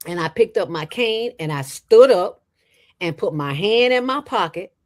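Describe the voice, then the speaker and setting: A woman who founded a nonprofit, telling stories in an interview with an emphatic, streetwise, animated manner. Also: medium pitch, moderate pace.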